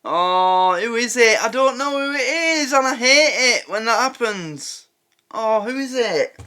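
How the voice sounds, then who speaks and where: English male reaction host, lively and bright, excitable, thinks aloud. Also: very high voice, a little slow, a faint crowd, a little hiss or hum. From England. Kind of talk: casual reaction commentary.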